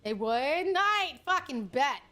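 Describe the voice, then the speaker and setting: A woman's voice: high-pitched, very animated, slow, sharp tone. Brash, foul-mouthed young woman streamer. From Hawaii. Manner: brash, profane and teasing, with frequent laughter. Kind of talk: casual gaming livestream, reading chat.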